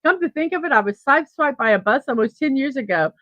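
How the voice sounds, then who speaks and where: A woman's voice: high voice, fast talker, no room sound. Middle-aged woman, chatty livestream host, dry close sound, slightly dull audio. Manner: rambling, animated storyteller with restarts and laughs. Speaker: host of a daily morning livestream. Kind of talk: casual storytelling and chat reading viewer comments.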